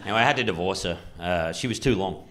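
Recorded live and noisily at a comedy club, a man from rural New South Wales, Australia, does stand-up, telling absurd stories deadpan with hesitant fillers. His deep voice moves fast over the crowd noise and audience laughter.

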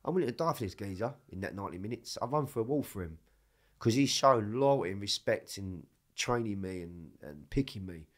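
A man with a low voice tells his stories with a lot of energy. He swears all the time and keeps the chat loose and casual. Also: a little fast. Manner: swears constantly, animated storytelling. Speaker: podcast guest.

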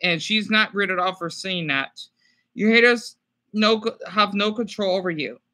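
Livestreaming from home as a small YouTuber, a stressed, distressed man speaks into a webcam mic in a bright, forward, high-sitting voice. It catches as he halts and restarts, and he keeps repeating himself and apologizing in this emotional stream.

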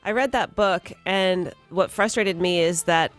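A woman's voice: fairly low pitch, unhurried, soft background music. A woman co-hosting morning radio, reading entertainment stories and laughing along with banter. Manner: bright, laughs often while reading stories. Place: radio studio. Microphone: studio mic.

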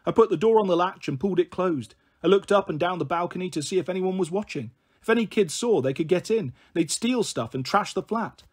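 A man reading a children's novel aloud, expressive in his narration. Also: high-pitched, brisk, slightly rough. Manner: expressive, shifts voice for characters. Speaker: storyteller.

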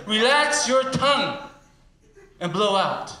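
A man's voice: high-pitched, sing-song, slow pace, far from the mic, exaggerated voice. A man putting on a patient Mexican R-rolling coach. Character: middle-aged Mexican man teaching R-rolling. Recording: echoey theater, loud background noise.

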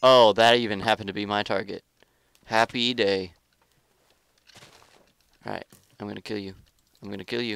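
A man giving live gameplay commentary as a gaming YouTuber, excitable, trash-talking opponents and grumbling about lag. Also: on the low side, moderate pace, gravelly, pauses often, clear, resonant tone.

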